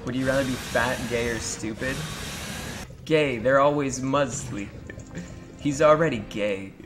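Dude streaming a game, swears a lot, cracks crude jokes, music going behind him. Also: male voice, mid-range voice, a little slow. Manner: crude, swearing, joking banter with chat. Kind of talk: live-stream gameplay commentary.

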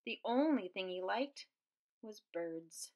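A woman reading a children's picture book aloud with very expressive swings in pitch and loudness. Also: slow. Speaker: storyteller.

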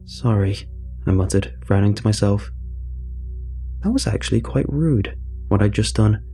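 A man narrating a scripted horror story in a measured, wry way. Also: on the low side, dark tone.

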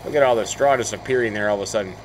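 A man's voice: on the low side, very fast, slight background noise, low-quality recording. A man hosting a farming game let's play, chatting casually as he plays, thinking aloud and often breaking into mild exclamations. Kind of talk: casual gameplay commentary.

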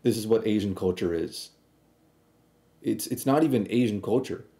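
A man's voice: on the low side, moderate pace, mellow. A man streaming a reaction video, arguing bluntly in a casual, rambling way with frequent restarts.

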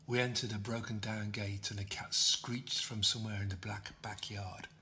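A man reading his own novel aloud as an audiobook, steady storytelling. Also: fairly low pitch, normal speed, slight background noise. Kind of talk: audiobook narration.

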